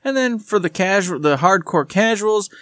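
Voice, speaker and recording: A man with a slightly higher voice co-hosts a casual gaming podcast, talking in an animated, chatty way. He often acts out what other people said in little put-on voices. The recording is dry and close, with no room sound. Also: moderate pace, no room sound. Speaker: podcast co-host.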